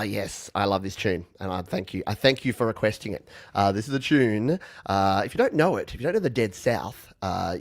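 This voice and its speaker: A man's voice: lowish voice, no echo, clean studio sound. A man who plays viewers' song requests on guitar, chatting casually between songs in a rambling, self-mocking way with plenty of fillers and chuckles.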